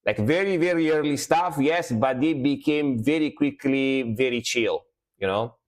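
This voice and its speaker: A man with a medium-pitched, slightly slow voice streams his reactions to music in relaxed, casual chat. He's laid-back and loose, repeating words and leaning on "you know."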